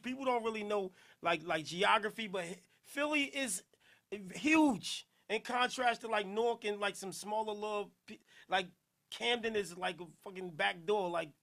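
A man hosting a podcast, talking loudly in slangy street banter and laughing often. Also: sits high. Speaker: podcast host.

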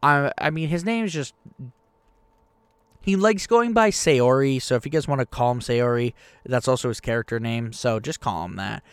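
A young man hosting a podcast about the tabletop game he runs, talking in a rambling, excitable, self-deprecating way. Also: mid-range voice, moderate pace, clear, resonant tone, no echo. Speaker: podcast host and game master. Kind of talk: casual podcast chat.

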